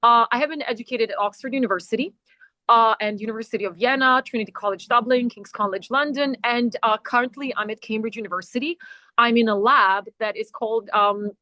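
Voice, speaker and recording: A woman's voice: on the high side, fairly quick, bright, forceful tone, no room sound. A woman academic introducing herself on a video call, talking in a hesitant way with many fillers and restarts. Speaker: academic guest. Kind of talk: webinar introduction. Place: traveling, quiet corner with faint music.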